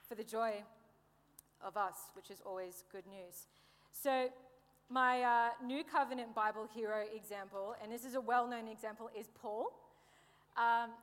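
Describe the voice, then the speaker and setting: A young woman delivers a sermon in a slightly high voice, lively and playful, breaking off for jokes and calls for an amen. Her words ring out with the long reverb of a big hall. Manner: lively, joking asides, calls for amens. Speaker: preacher.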